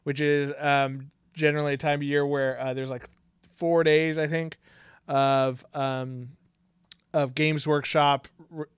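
A man's voice: a little high, level tone, slow, smooth, dry recording, clean studio sound. A man co-hosting a casual podcast, rambling with lots of fillers and frequent laughs. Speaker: podcast co-host. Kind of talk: casual chat.

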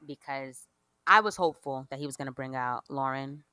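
A woman's voice: very deep voice, a little fast, bright, forceful tone, dry recording. A woman co-hosting a podcast, chatting in an upbeat, easygoing way. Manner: upbeat, chatty, laughs easily. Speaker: podcast co-host. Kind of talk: casual chat.

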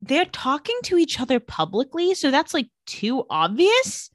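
A woman co-hosting a podcast, recapping a TV episode in casual chat, animated and full of "like" with the odd swear. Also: high voice, measured pace, no echo, studio quality. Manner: animated storyteller, heavy use of "like", swears casually.

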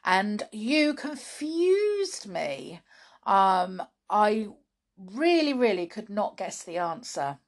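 A woman's voice: mid-range voice, big pitch swings, takes it slowly. A British woman hosting a children's podcast, chatting playfully to young listeners about riddles and fun facts, often laughing.

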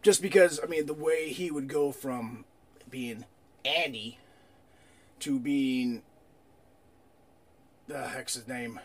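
A man's voice: mid-range voice, takes it slowly, pauses often. A man co-hosting a podcast in casual, agreeable chat, often saying "dude". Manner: chatty, agreeable, says "dude". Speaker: podcast co-host.

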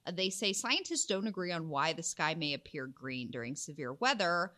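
A woman with a fairly low but bright voice chats about weather with her co-host. Her pitch swings widely as she tells stories, and she giggles often. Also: normal speed. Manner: animated storyteller, giggly. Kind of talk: casual chat about weather myths.

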